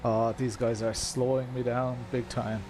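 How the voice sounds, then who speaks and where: A man's voice: mid-range voice, little pitch movement, unhurried, background noise. A young man giving live, rambling commentary while racing in a sim game, laughing often and chatting to his viewers.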